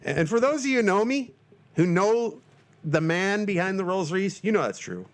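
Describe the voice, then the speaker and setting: A man in his forties hosting his own podcast alone, talking loosely with lots of fillers and breaking into shrill panicky shouts for comic effect. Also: big pitch swings, moderate pace. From Northern Michigan, US. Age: 40s. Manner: loose and self-mocking, lots of fillers and restarts. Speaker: podcast host. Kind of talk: rambling solo podcast monologue.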